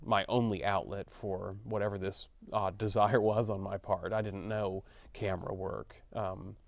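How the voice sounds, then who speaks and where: A man's voice: on the low side, flat delivery, a little slow, vocal fry, no room sound. A man in his thirties with a slight Texan accent, answering interview questions in a frank, chatty way, thinking aloud with fillers and restarts. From Texas. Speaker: actor being interviewed.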